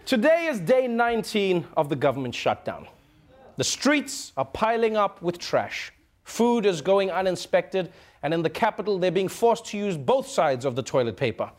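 A man hosting a late-night comedy show, delivering a jokey news monologue in an animated manner. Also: high-pitched, normal speed, noisy background. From Africa. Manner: animated, jokey, puts on silly voices.

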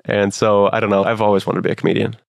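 A man's voice: lowish voice, flat delivery, very fast, gravelly, dry recording, muffled recording. A young man in his twenties, a comedian and guest, talking casually in a rambling, self-deprecating way with many fillers. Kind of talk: casual interview talk.

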